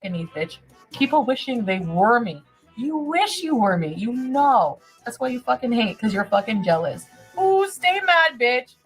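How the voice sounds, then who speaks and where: A woman's voice: a little high, expressive, normal speed, low-quality recording. Drunk woman ranting profanely, music behind. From Canada. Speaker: livestreamer. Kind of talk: drunken livestream rant.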